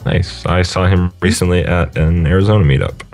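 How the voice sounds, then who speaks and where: A man with a very low voice co-hosting a gaming podcast, chatting eagerly. Music sits clearly in the background behind him. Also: fairly even intonation, brisk, a little mellow. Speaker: podcast co-host. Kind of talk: casual podcast chat.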